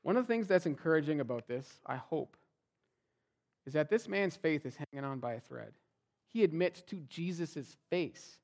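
A pastor preaching his sermon in a relaxed, conversational way, slipping into the voices of everyday people as he makes his point. His voice sits a little higher than most men's and rises and falls a lot. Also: moderate pace.

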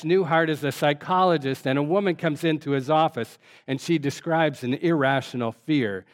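An older man leads a Bible study sermon in a loose, chatty teaching style. His voice sits a little high for a man, and he pads his points with ums and uhs as he reads scripture aloud. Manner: relaxed conversational teaching with frequent fillers. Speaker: pastor.

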